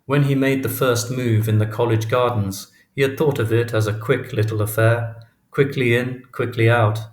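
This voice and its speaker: A man narrating a literary audiobook in a measured, even reading. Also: medium pitch. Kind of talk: scripted narration. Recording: roomy echo.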